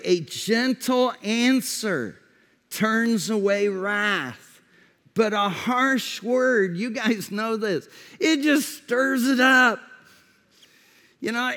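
A male pastor delivers a sermon in a high voice and at an unhurried pace. He repeats his key phrases and drops to a quieter tone to drive a point home. A long reverb trails each line, as if from a large hall.

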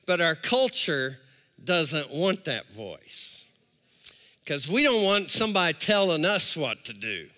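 A man's voice: high voice, bright, forceful tone, long reverb tail. A man preaching a sermon as pastor, talking animatedly, repeating words and calling out to the congregation.

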